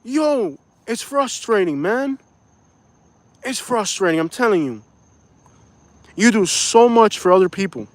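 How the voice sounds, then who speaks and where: A young man from Florida venting his frustration on a casual live stream, apologizing for swearing and saying "bro" often. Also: high voice. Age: young adult. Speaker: YouTuber reading live chat.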